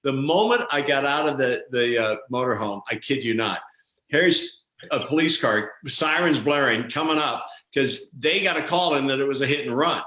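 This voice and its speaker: Male talk show co-host, lively storyteller, bright tone, roomy sound. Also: medium pitch, normal speed. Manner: animated storyteller, acts out quoted voices.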